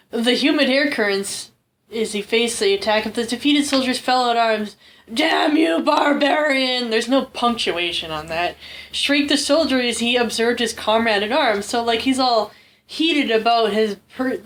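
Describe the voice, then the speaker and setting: A woman co-hosting a casual podcast chat, giggling often and talking with many fillers. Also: fairly high pitch. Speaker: podcast co-host.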